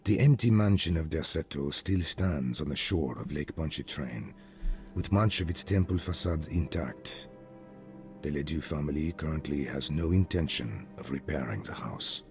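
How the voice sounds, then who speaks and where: Very deep solemn game narrator, measured and grave, reading old history. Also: male voice, animated, soft background music. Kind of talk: scripted narration.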